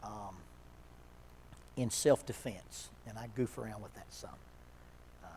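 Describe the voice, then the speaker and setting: A man leading an addiction seminar at a church, talking in a relaxed, conversational way, telling stories and chuckling often. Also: on the low side, measured pace, slight background noise. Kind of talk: casual seminar talk.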